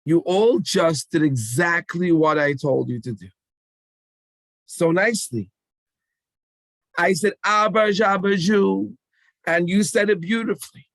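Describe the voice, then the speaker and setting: Man, slow, dry-miked voice; emphatic, coaxing talk to a children's rally. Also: a little high, expressive, dry recording. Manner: call-and-response, coaxing and emphatic. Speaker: speaker addressing children.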